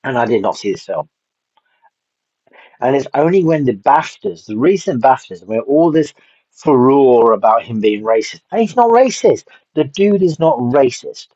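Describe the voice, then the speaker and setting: A man's voice: medium pitch, expressive, moderate pace, dark tone, no echo. A man reviewing a film in a casual, rambling way, blunt and swearing offhandedly. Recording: dull lo-fi dry sound.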